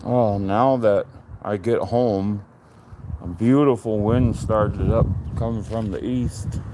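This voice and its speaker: A middle-aged man livestreams from his phone while walking around his home and backyard, chatting in a slow, relaxed way. When he speaks to his dog, he jumps into a high sing-song voice, and faint outdoor noise comes through the phone stream.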